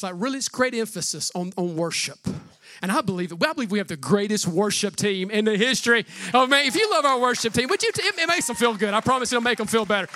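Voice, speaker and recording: A man preaching a sermon as pastor, in a casual, energetic way with slangy asides. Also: sits high, no room sound, studio quality.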